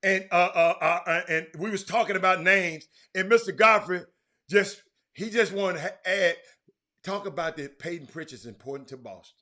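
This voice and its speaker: A man's voice: high-pitched, moderate pace, pushed and bright. A middle-aged man hosts a casual sports talk stream, reading viewer comments aloud and often dropping to a mutter. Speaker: sports talk show host.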